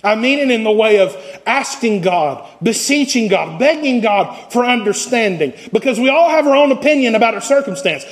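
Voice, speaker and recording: High-voiced preaching man. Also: animated, normal speed, hardly any pauses. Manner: preaching with swells and drops in intensity. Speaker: pastor. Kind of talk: sermon.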